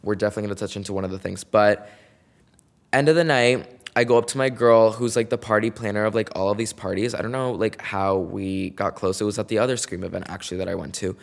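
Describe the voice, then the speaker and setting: A man's voice: on the low side, fairly even intonation, fast, vocal fry. A man hosting his own podcast, telling a story in a chatty, dramatic way with lots of slang and "like". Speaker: podcast host. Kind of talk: casual solo storytelling.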